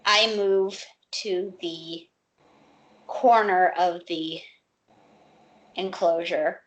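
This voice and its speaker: A woman's voice: lowish voice, steady tone, drawn-out words. A woman playing in a tabletop game, a little hesitant and unsure of the rules. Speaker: player. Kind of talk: casual tabletop game play.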